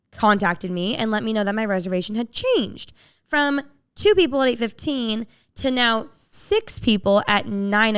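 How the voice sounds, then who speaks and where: This podcast host is a woman whose voice is on the high side, clear, and resonant. She chats casually while telling a story, animatedly acting out the voices of the people involved.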